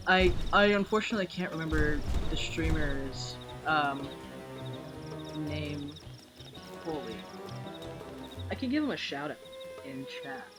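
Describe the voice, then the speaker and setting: Game streamer at a home setup, casual and foul-mouthed, voice pitched mid-range, game music clearly underneath. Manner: chatty storyteller, swears freely, gets loud and excited. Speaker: Twitch streamer.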